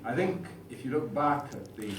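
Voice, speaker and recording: A man's voice: mid-range voice, lively intonation, normal speed. A man giving a dry, self-deprecating comic speech at a dinner. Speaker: after-dinner speaker. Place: dinner hall. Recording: roomy hall, far mic, noisy.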